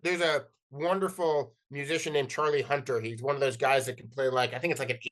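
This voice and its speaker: Animated middle-aged man telling stories. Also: mid-range voice, a little fast. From New Jersey and New York City, US. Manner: animated, acts out quoted dialogue, frequent restarts and "like". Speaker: podcast guest. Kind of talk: casual interview storytelling.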